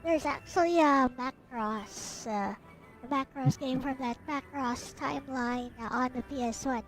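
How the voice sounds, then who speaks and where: A woman's voice: sits high, measured pace, soft background music. A woman in casual chat, explaining things in a plain, matter-of-fact way.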